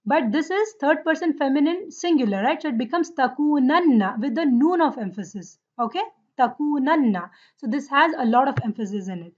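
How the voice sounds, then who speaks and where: High-pitched woman teacher, patient drilling delivery, dull lo-fi class recording. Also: animated. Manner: drills forms slowly, checks with "right?" and "okay?". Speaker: Arabic grammar teacher. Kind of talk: lesson on Quranic Arabic grammar.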